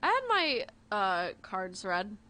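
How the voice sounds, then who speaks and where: A woman's voice: medium pitch, big pitch swings, takes it slowly, bright, forceful tone, no room sound. A woman co-hosting a radio show in a studio, chatty and self-deprecating, giggling often. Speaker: radio co-host. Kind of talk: casual studio chat.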